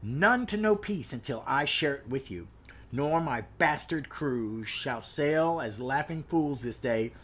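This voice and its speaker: A man reading a vengeful ghost pirate's curse aloud from a comic, slow and solemn. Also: medium pitch, expressive, fairly bright tone. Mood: grim cursing.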